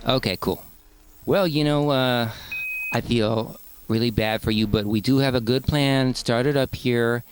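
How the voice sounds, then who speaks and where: A man's voice: mid-range voice, steady tone, a little slow, background noise. A man performing a comedy sketch in an easygoing, supportive manner.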